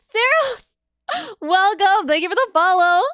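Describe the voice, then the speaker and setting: A woman's voice: very high voice, animated, unhurried, a bit bright, no echo, studio quality. A woman hosting her own live stream, chatty and teasing, greeting viewers between stories. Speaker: streamer host. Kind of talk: casual stream chat.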